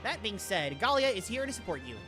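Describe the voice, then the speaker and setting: A woman's voice: mid-range voice, very animated, fairly quick, music in the background, natural voice. A woman voicing a playful young male beast-warrior in a game, talking in a breezy, teasing way.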